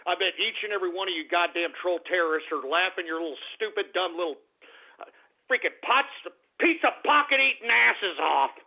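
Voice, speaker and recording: A man hosting a talk radio show, ranting in a profane, angry manner with shouted outbursts. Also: high-pitched, expressive, a little fast, vocal fry. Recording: narrow phone-like lo-fi sound.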